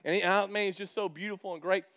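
High-voiced joking male pastor. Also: fairly even intonation, quick pace, fairly bright tone. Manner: chatty and humorous, acting out quoted exchanges. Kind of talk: casual storytelling sermon.

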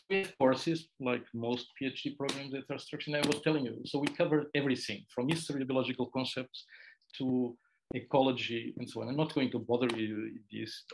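Middle-aged man, gravelly voice, casual digressive presentation to students, faint background noise. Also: medium pitch. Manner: conversational, digressive, self-deprecating asides. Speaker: PhD programme director.

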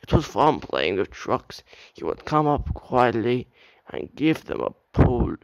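A man's voice: mid-range voice, very animated, takes it slowly, no echo, highs cut off. A young man reading a children's railway story aloud as an amateur narrator, with occasional slips.

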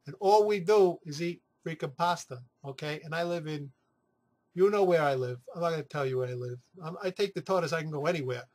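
Husky, high-voiced New man chatting. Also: a little fast, a little mellow. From New York City. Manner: chatty, rambling, profane, with playful asides. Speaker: weight-loss vlogger. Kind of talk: casual chat to camera.

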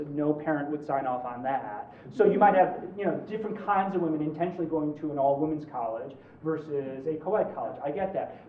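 A man in his forties, a law professor giving a conversational lecture, animated and joking, with quick asides. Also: fairly high pitch, a little hiss or hum. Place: large lecture hall. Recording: roomy, distant, dull hall recording.

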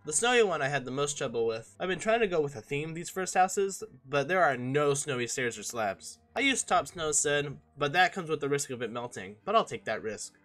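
A man's voice: a little high, animated, brisk, hardly any pauses, a bit bright. A young man giving a casual, joking and self-mocking voice-over on his own gameplay footage. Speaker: gaming channel host.

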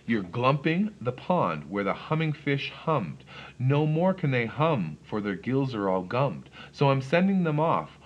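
A man's voice: mid-range voice, sing-song, unhurried, muffled recording, voice pushed up. A man voicing a small, grumpy old male forest guardian who scolds in indignant rhymes. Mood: scolding.

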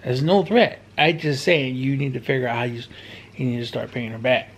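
Blunt, loud-talking man vlogging at home. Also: mid-range voice, steady tone, fairly quick, husky. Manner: blunt, loud, cussing, rambling. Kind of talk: casual home vlog chat.

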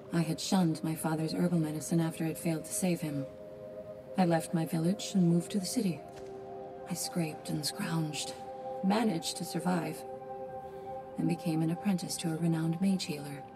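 A woman's voice: sits low, mellow. A regretful healer woman. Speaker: game character telling her story. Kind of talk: game dialogue.

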